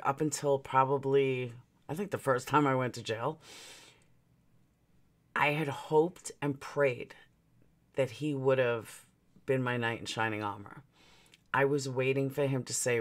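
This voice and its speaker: Candid, cursing woman vlogger telling her story. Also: a bass voice. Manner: candid and profane, with emotional swings. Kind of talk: personal storytime monologue.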